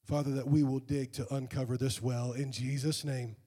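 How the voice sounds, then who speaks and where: A man's voice: mid-range voice, level tone. Fervent man preaching in a reverberant hall. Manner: fervent preaching that swells into loud, drawn-out prayer. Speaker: pastor. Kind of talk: sermon.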